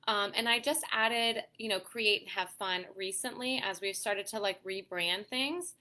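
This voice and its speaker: A woman chats on a casual livestream for other moms. She is friendly and encouraging, often checking in with "okay?" and "you know". Her voice has a bright, forward tone at an ordinary pitch. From Pittsburgh area, USA. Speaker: host of a mom community livestream. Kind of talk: casual livestream chat reading viewer comments.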